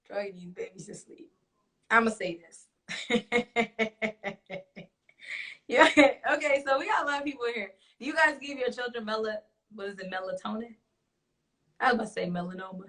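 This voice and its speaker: A young woman hosts a talk show. She has a bright, forceful voice and talks bluntly, swearing and laughing often with her audience. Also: on the high side, moderate pace, long pauses. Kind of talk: casual chat to a live audience.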